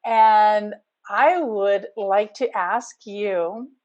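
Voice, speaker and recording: A woman's voice: mid-range voice, very slow, darkish tone, lo-fi sound. A woman hosting a video call Q&A, chatty and a little flustered. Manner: chatty, laughs easily, flustered. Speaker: event host and moderator.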